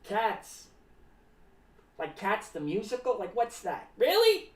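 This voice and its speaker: A woman voices an eccentric clown live, rambling slowly with huge pitch swings in a medium-pitched voice. He talks about himself in the third person and is paranoid about cats, and she is recorded far from the mic in an echoey room.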